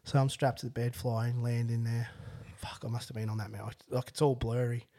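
A man's voice: mid-range voice, little pitch movement, a little fast, warm tone. A young Australian man in a podcast interview, telling a long story in casual chat, rambling with restarts and swearing freely. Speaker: podcast guest.

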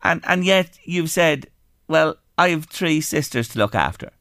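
A man's voice: on the high side, animated, measured pace, pushed and bright, no echo, studio quality. A man hosting a radio interview, speaking with earnest, emotional encouragement. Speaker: radio host.

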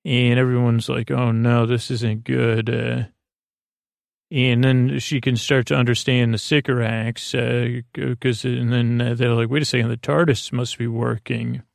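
A man's voice: mid-range voice, vocal fry, no echo, clean studio sound. A man hosting a podcast, giving a drowsy, rambling bedtime recap full of fillers and self-corrections. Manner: flat, unhurried delivery. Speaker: podcast host.

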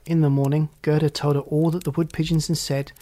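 A storyteller reads a fairy tale aloud in a mid-pitched voice. The narration is steady and even from line to line. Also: fairly quick. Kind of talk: storybook reading.

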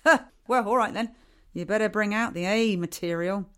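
A man's voice: sits high, normal speed, a bit bright, clean tone. A man voicing his own subconscious as a needling, sarcastic inner voice in a comedy podcast. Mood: teasing. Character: mocking male inner voice, teasing.

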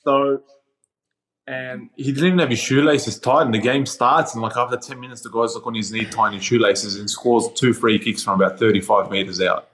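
A young Australian man tells a story in a casual interview, animated and laughing, dropping slang as he goes. His voice sits in an ordinary middle pitch, heard over a remote call. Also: brisk. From Sydney, Australia. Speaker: guest, professional footballer.

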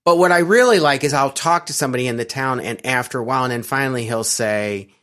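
A man's voice: mid-range voice, quick pace, a bit bright. Middle-aged American man, casual interviewee, rambling delivery full of ums and restarts. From United States. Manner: rambling, with many fillers and restarts.

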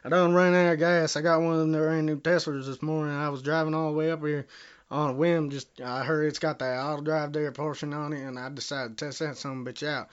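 A man's voice: a little high, flat delivery, fairly quick, clean tone. A man with a Southern US accent making a prank phone call, rambling, bumbling and cursing as he talks. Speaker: prank caller.

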